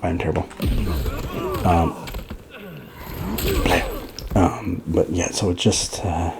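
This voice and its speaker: Creating a fighting-game guide, a young man rambles casually through the gameplay with lots of fillers and false starts, sounding a little winded. He speaks slowly in a low, fairly even voice over some background noise.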